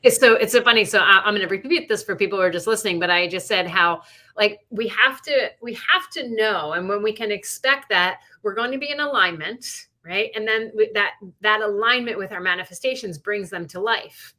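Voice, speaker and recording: Woman, middle-aged, bright clear tone, casual podcast chat, rambling storyteller. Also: medium pitch, fairly quick. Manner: chatty storyteller, many likes and you knows. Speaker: podcast co-host.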